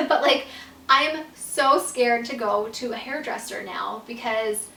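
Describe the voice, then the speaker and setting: A young woman chatting through a casual vlog storytime, her voice bright and on the high side. She fills nearly every phrase with "like" and swears freely. She sits back from the mic in a roomy, echoing space. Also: normal speed, recorded from a distance. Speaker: YouTuber telling a personal story.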